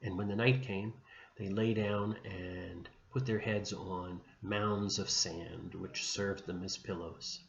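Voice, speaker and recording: A religion teacher with a lowish voice retells a saint's story to a class, gentle and unhurried, with small restarts. His tone is steady, with vocal fry. The recording sounds dull and muffled, echoing in a room over a faint hum.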